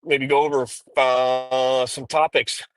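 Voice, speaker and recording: A man's voice: mid-range voice, level tone, slow, low-quality recording. A man streaming live while driving, rambling through profane drama commentary with frequent ums. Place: inside a car.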